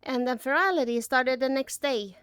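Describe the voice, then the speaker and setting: A woman giving an emotional personal reflection as an artist. She is choked up and holds back tears, talking haltingly with many restarts and trailing phrases. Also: high voice, fairly bright tone, clear, resonant tone, dry recording, clean studio sound.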